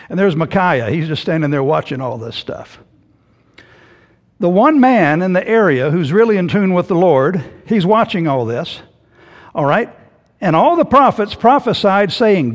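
A male pastor preaching a sermon, telling the story in an animated way and acting out the voices. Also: high-pitched. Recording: hall reverb.

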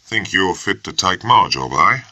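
A man's voice: low-pitched, lively intonation, a little slow, sharp tone, husky, no room sound, pitched above the performer's own voice, exaggerated voice. A man voicing a coarse, sarcastic and bullying first lieutenant who talks with peevish scorn. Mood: scornful.

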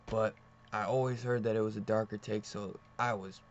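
A man's voice: on the low side, steady tone, moderate pace. Rambling profane comic reviewer, man. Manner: loose, profane, laughs often. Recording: dull lo-fi recording.

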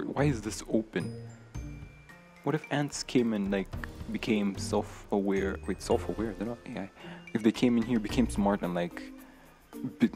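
A young man commentating his own gameplay, nervous and jumpy, talking to himself with frequent gasps and laughs. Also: on the low side. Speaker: gamer streamer. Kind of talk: let's play commentary.

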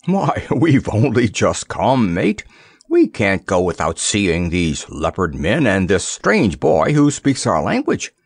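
Guy doing a gravelly blustery pirate captain, slow and gruff, storybook vibe. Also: lowish voice, wildly swooping pitch, dry recording, heavily acted. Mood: blustering. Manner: gruff, blustering sea talk.

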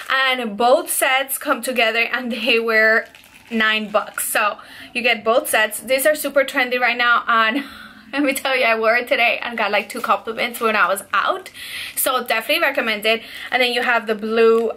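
In a casual product haul, this young vlogger chats enthusiastically with her audience, addressing them as "you guys" while slightly out of breath. Her fairly high voice sounds pushed and bright as she gushes over her purchases.

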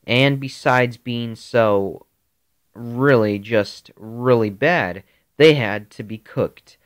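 A man improvising a grisly Halloween story in a rambling, halting way. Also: medium pitch. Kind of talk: improvised spoken horror story.

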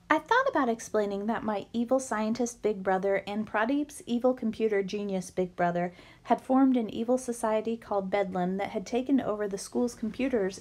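A woman reading a children's novel aloud with lively storytelling. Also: on the high side. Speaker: book reader.

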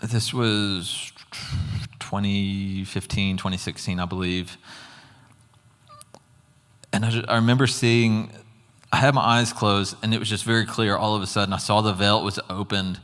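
Low-voiced man preaching in a reverberant hall. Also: fairly even intonation, measured pace, pauses often, fairly bright tone, clean tone. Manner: earnest, conversational testimony with casual asides. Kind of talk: sermon. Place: church hall.

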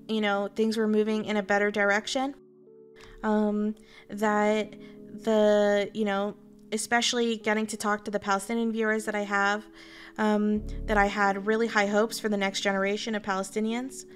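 A woman's voice: medium pitch, a bit bright. A Canadian woman streamer talking casually to her viewers, candid and rambling, swearing freely. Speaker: VTuber streamer.

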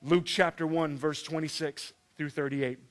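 A man preaching a sermon, animated and joking, acting out the story in voices. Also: fairly high pitch, moderate pace. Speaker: pastor.

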